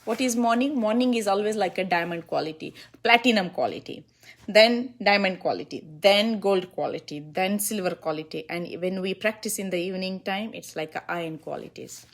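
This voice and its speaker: A woman's voice: medium pitch, normal speed. Woman ayurvedic doctor walking a client thru her routine, repeats the important bits, laughs a lot. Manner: instructive, repeats key instructions, laughs easily. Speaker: Ayurvedic physician. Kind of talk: one-on-one consultation with a client.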